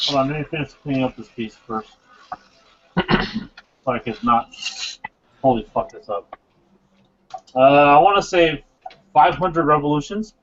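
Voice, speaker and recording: A man's voice: fairly high pitch, a bit bright, slight background noise. Joking man hosting a building stream. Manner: joking, halting explanations with fillers. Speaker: host of a live model-building stream. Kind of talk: casual live-stream chat while building. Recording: dull lo-fi stream audio.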